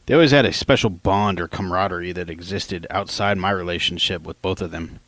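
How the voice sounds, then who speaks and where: Low-voiced man reading his own novel. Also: brisk, a bit bright, no echo. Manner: plain, casual storytelling, quotes lines in lightly raised voices. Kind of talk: audiobook narration.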